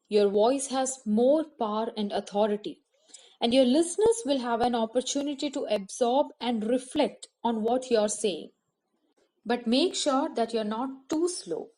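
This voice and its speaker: A woman teacher with an Indian English accent, giving a measured, scripted lesson on public speaking and listing her points one by one. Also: a little high, warm tone. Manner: measured, instructive, enumerating points.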